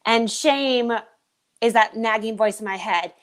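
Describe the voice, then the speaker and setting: A woman performer talking as a guest in an animated, expressive way. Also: on the high side, unhurried. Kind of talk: casual chat.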